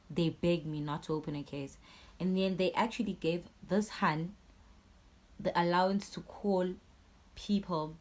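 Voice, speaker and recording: A young woman with a Swazi accent, telling a storytime vlog in an angry, animated way, swearing and switching languages. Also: fairly low pitch, a little slow. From Eswatini. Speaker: YouTuber.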